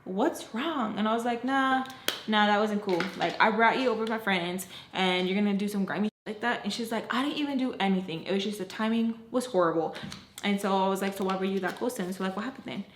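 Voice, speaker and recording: A young woman casually telling a storytime, acting out what people said with big jumps in pitch and saying "like" often. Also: fast. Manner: animated, acts out quotes with jumps in pitch, frequent "like". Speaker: storytime vlogger. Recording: roomy echo, faint background noise.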